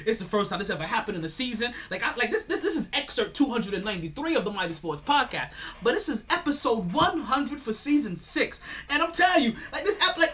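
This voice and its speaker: A man's voice: very high-pitched, very animated, fast, hardly any pauses, fairly bright tone. A man hosting a sports podcast, ranting in a casual monologue with stammered repeats and frequent laughter. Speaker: podcast host.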